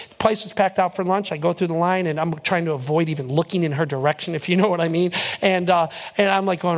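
Animated high-voiced preaching man. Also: quick pace, hardly any pauses. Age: young adult. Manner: animated, acts out his own reactions and builds to emphatic preaching. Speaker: pastor. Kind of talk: sermon storytelling.

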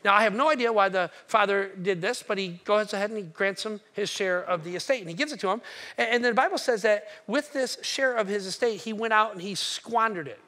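A man preaching a sermon, telling stories with animated energy and rising to near shouting. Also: sits high, fairly quick. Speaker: pastor.

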